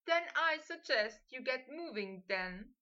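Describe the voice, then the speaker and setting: A woman reading an audiobook, voicing a brisk, stern female professor who speaks in a clipped way, on a slightly muffled recording. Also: sits high, expressive, bright, forceful tone, heavily acted. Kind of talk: audiobook fan fiction reading.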